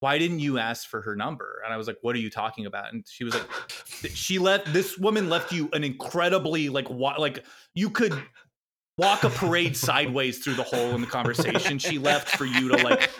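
A man's voice: medium pitch, brisk, bright, forceful tone, a little hiss or hum. A man in his thirties, a podcast guest, telling a rambling, self-deprecating story with frequent laughter in casual chat.

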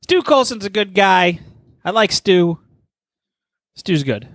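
Higher, bouncy-voiced man teasing playfully. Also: very animated, takes it slowly, fairly bright tone, dry recording. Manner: playful, teasing, laughs often. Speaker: podcast co-host. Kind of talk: crude casual banter.

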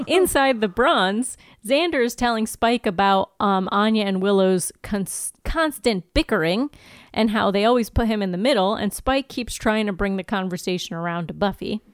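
A woman's voice: mid-range voice, lively intonation, moderate pace, dry recording, clean studio sound. A woman co-hosting a podcast, recapping TV episodes in playful, giggly storytelling. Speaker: podcast co-host. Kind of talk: casual chat recapping TV episodes.

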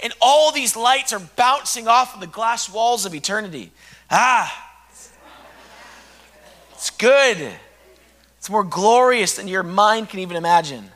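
A male preacher with a very high, bright voice, delivering an impassioned sermon. He swings between hushed, intimate lines and loud shouting. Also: normal speed, few pauses.

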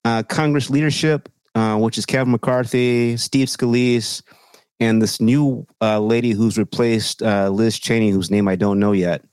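A man's voice: fairly low pitch, fairly even intonation, a little slow, a little mellow, clean tone, no echo. A man co-hosting a podcast, talking politics in casual, profane, sarcastic chat. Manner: profane, sarcastic, mocking quoted voices. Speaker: podcast co-host.

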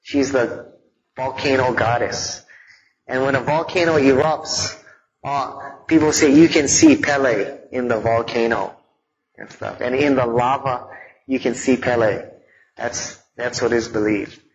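A man teaching a live audience in a relaxed, conversational way, mixing in stories from growing up and frequent fillers. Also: mid-range voice, a little slow, lo-fi sound, slight background noise. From Hawaii.

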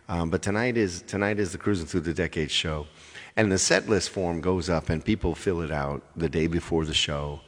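A man's voice: low voice, big-room sound. A man chatting casually with viewers between songs on his livestream, rambling and apologetic as he talks. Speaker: live-stream singer.

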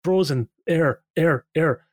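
A man voicing a frightened, traumatized old male dwarf who talks haltingly, with many repeats. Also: a little high, pitched above the performer's own voice. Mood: delirious. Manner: halting, stammering, full of repeats.

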